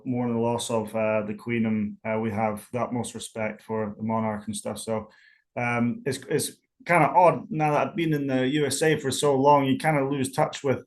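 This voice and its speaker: A young man with a Scottish accent answers interview questions in a loose, casual way. His voice sits at an ordinary middle pitch. He rambles, circling back with fillers and false starts as he tells his story. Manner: rambling, with many fillers and restarts. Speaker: interview guest, football punter.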